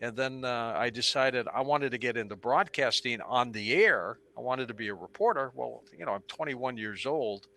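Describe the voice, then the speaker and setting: A man's voice: mid-range voice, normal speed, hardly any pauses. A man in his seventies, a radio talk show host, telling anecdotes as a guest in an interview and acting out the people he quotes. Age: 70s. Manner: animated anecdotal storyteller who acts out quotes. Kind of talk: storytelling interview on stage.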